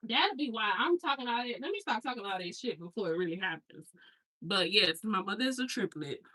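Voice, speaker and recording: A woman's voice: mid-range voice, expressive, brisk, sharp tone, breathy edge, low-quality recording. A woman in her thirties, a hair stylist, chatting casually and telling rambling family stories with slangy asides while she unpacks. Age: 30s.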